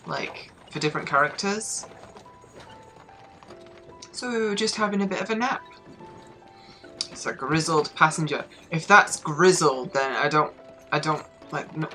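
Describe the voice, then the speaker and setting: A woman's voice: sits low, bright, forceful tone. Wry northern English woman streaming a game. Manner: chatty, wry, swears casually. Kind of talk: live game stream commentary.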